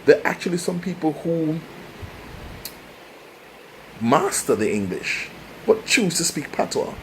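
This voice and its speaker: A man's voice: on the high side, very animated, a little slow, creaky, a little hiss or hum. Passionate Jamaican man talking. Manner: passionate, emphatic, with frequent restarts. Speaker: host. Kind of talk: casual monologue.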